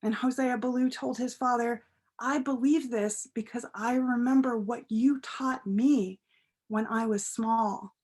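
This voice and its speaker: Slow, gentle woman telling a story. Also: fairly high pitch, slightly rough. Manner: gentle, expressive, unhurried. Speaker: story reader at a church service. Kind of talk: storytelling for all ages.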